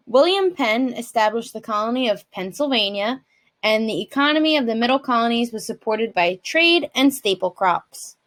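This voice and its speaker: A woman co-teacher reading out the main ideas of a history lesson in a clear, steady way. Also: on the high side, normal speed.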